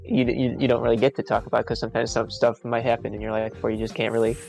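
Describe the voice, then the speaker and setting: A man's voice: mid-range voice, little pitch movement, fast talker, creaky, darkish tone, faint music behind. A man co-hosting a live podcast stream, talking casually in long rambling sentences that repeat words. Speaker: podcast co-host.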